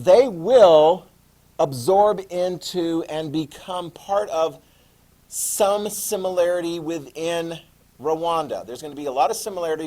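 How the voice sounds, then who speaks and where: Male teacher, animated classroom lecture, fairly high voice, keeps asking students questions. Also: rough recording.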